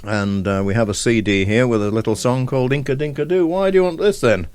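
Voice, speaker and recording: A man's voice: medium pitch, quick pace, darkish tone, a little hiss or hum. A man presenting a radio show, chatting casually with a guest, hesitant and full of fillers. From Isle of Man.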